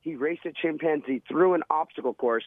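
A man's voice: a little high, normal speed, no room sound. A man, a former Navy SEAL, telling a vivid, dramatic story in an interview. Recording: tinny phone-line sound.

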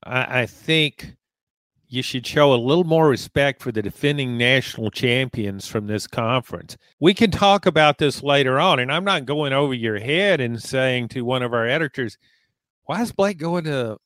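A man's voice: mid-range voice, animated, moderate pace, fairly bright tone, no echo. Louisiana guy on a sports podcast, teasing his cohost, dry close sound. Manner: teasing, mock-stern ribbing. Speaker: podcast co-host, columnist. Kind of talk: casual sports podcast chat.

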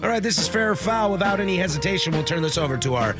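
A man's voice: sits high, expressive, rapid-fire, music in the background. A man co-hosting sports radio, playful and upbeat in casual studio banter.

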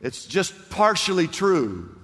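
A man preaching a sermon, swinging between loud, emphatic lines and hushed ones and acting out the voices in the story. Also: sits high, sing-song, slow, husky. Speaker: pastor. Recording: hall reverb.

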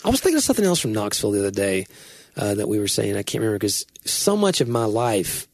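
A pastor co-hosting a casual chat, talking in animated quick bursts and laughing easily. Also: male voice, lowish voice, no room sound. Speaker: pastor, podcast co-host.

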